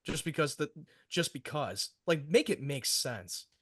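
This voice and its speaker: A man's voice: fairly high pitch, expressive, measured pace, fairly bright tone, breathy edge. A man co-hosting a casual podcast chat, earnest, with stammering restarts. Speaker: podcast co-host.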